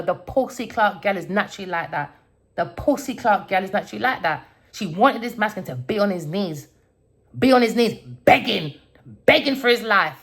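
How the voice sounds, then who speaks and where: A woman giving a tarot reading as an angry, profane rant, swinging between low muttering and loud outbursts. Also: lively intonation, a little fast. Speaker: tarot reader. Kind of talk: ranting tarot reading monologue.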